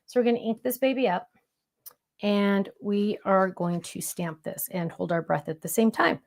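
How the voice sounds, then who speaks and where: A woman hosting a crafting show, chatting excitedly and talking herself through each step of a stamping demonstration. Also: medium pitch, normal speed, creaky.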